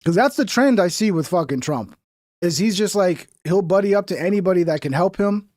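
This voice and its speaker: A man's voice: sits high, animated, a little fast, darkish tone, dry recording, studio quality. A man hosting a livestream, reacting to video clips in a casual, mocking way and swearing freely. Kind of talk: casual profane reaction commentary.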